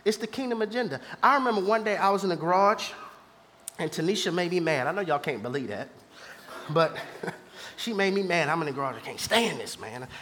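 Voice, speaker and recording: A man preaching a sermon to a live church congregation, moving from hushed asides to shouted peaks and laughing along with the crowd. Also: high voice, lively intonation, brisk, a little hiss or hum. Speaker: pastor.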